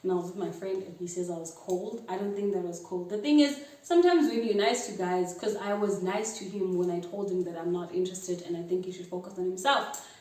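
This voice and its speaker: Speaking fairly quickly in a lowish voice, this South African vlogger in her twenties shares a lively storytime, slipping isiXhosa phrases into English and playing both people in a chat. It's recorded in an echoey room with the mic somewhat distant.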